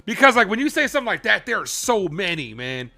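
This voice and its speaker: A man hosting a live baseball stream, chatting casually with viewers while calling the pitches in an animated way. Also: fast talker, creaky. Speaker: live play-by-play streamer and host.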